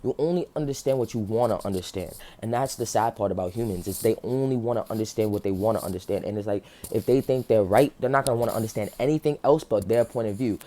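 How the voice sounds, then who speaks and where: A man's voice: on the low side, fast, hardly any pauses, mellow. A man giving an earnest, passionate faith talk to his viewers, close to tears and full of "like" fillers. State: near tears. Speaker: faith vlogger. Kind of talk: emotional motivational monologue.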